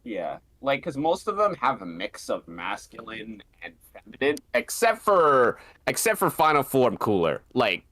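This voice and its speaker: An excitable man chatting with friends on a stream. His pitch swings widely, and his voice breaks upward when something amuses him. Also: measured pace, few pauses. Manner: excitable, jumps in pitch, laughs often. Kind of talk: casual chat.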